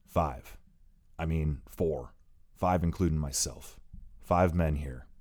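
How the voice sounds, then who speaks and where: A booming, gravelly old father, as a deep-voiced man puts him on, calling out to his sons with strained authority. The voice sits very low, recorded dry and close for an audiobook. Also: slow pace, dry recording, exaggerated voice. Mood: nervous. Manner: pleading yet commanding, shouts to his sons.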